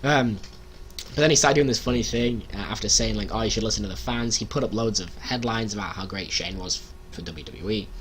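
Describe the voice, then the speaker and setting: A man recapping wrestling results in a casual vlog, talking excitedly and breaking into loud shouted impressions. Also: on the low side, a little fast, a little hiss or hum. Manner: excited, animated, imitates people with loud shouts.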